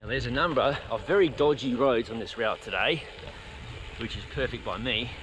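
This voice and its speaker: A chatty man talks his viewers through a bike ride, speaking casually in a mid-range voice. He was recorded outdoors on the move, with clear wind and road noise on the camera audio. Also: medium pitch, moderate pace, a bit bright, rough recording. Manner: chatty, talks to dogs and viewers while riding. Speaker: cycling vlogger. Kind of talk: casual ride vlog narration. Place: outdoors on rural roads while riding a bike.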